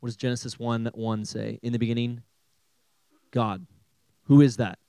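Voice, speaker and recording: A young man preaching to a high school group, animated and jokey, often asking the room questions. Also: moderate pace, clear, resonant tone, no echo, poor audio. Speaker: youth pastor. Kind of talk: sermon.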